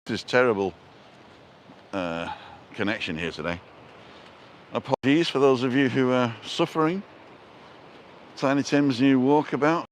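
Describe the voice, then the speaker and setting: Male live-stream host walking outdoors, mid-pitched, chatty and punning, phone mic, faint traffic behind. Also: normal speed, pauses often. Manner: chatty, self-mocking, punning jokes. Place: outdoors, walking along a street in a seaside resort. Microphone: handheld phone camera.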